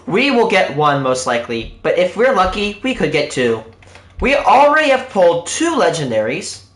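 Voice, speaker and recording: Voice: mid-range voice, a bit bright, roomy sound. A live streamer chatting casually to viewers while opening loot, in a hyped game-show-host manner.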